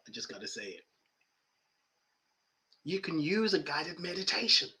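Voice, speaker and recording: A man's voice: fairly high pitch, fairly bright tone. A man hosting a spiritual coaching podcast, emphatic and repeating key phrases, with playful asides. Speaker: life coach and podcast host.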